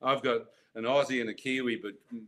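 Older guy spinning a wild story, lots of restarts, mid pitched voice. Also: fairly even intonation, brisk, sharp tone. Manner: vivid, dramatic, frequent restarts and laughs. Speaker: guest telling his testimony. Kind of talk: animated storytelling.

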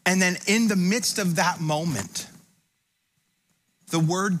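A man in his thirties preaches as pastor in a church sanctuary, his voice high and a bit bright, slow with long pauses. His sermon builds to impassioned repetition and rising intensity, with humorous asides to the congregation.

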